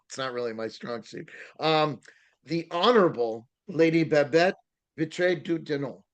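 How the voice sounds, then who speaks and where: A man hosting a podcast in casual chat, rambling with frequent fillers and restarts. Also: on the high side. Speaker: podcast host.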